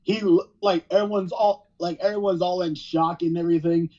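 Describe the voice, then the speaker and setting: A man in casual podcast chat, excitable and tripping over his restarts. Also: sits high, a little fast. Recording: dull lo-fi.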